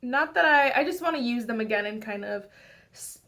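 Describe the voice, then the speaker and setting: Young woman vlogger, casual makeup chat, bright slightly high voice, rambling delivery. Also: lively intonation, normal speed, vocal fry. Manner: rambling, chatty, many fillers and restarts. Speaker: beauty vlogger.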